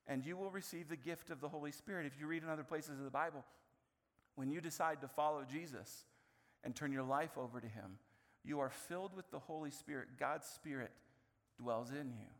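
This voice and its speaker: A man preaching a sermon as pastor, animated, with playful asides and sudden swings between loud and quiet. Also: fairly high pitch, big-room sound. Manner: animated, playful asides, quick shifts in volume.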